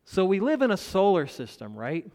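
A man preaching a sermon, measured, with dramatic pauses and rising emphasis. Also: high-pitched, huge pitch swings, a little mellow. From United States. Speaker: pastor. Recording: long reverb of a large hall.

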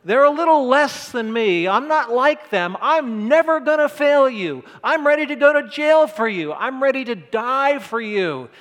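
Brash young disciple bragging loud and high, a preacher putting him on, slow, echoey sanctuary. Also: male voice, expressive, exaggerated voice. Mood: boastful. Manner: loud, blustering bravado. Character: boastful young male disciple, brash and overconfident.

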